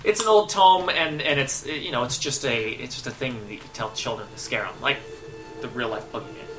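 A man's voice: medium pitch, a bit bright, soft background music, rough recording. A man narrating a tabletop game as game master, with hesitant restarts and voiced characters. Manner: hesitant, many restarts, slows for in-character speech.

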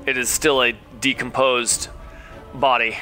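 A man playing a tabletop game, describing his character in a casual, halting way. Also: medium pitch, level tone, bright, forceful tone, soft background music. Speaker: player.

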